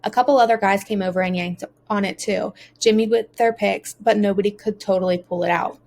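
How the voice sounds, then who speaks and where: A woman's voice: medium pitch, fairly even intonation, fairly quick, a little mellow, slight background noise. A woman narrating a first-person audiobook as a teenage boy, earnest and emotional.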